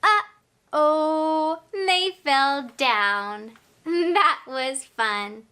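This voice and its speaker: A woman teaching toddlers in a very high, bright voice that leaps all over its range. She talks extremely slowly and clearly, with exaggerated, playful delivery and cheerful animal noises. Every line is aimed straight at a small child. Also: sing-song. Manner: encouraging, speaks to the viewer directly. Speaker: children's educator host. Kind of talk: slow sing-song toddler teaching.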